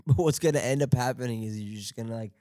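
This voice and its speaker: A young man hosting a podcast, talking in a halting, profane, rambling monologue and laughing often. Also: medium pitch, dark tone, no room sound, studio quality. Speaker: podcast host.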